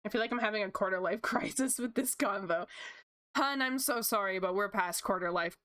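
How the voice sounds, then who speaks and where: A woman's voice: medium pitch, brisk, fairly bright tone. A woman in her late twenties chatting casually and rambling while she draws on stream, laughing often. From Canada. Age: late 20s. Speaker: art streamer. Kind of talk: casual chat while drawing.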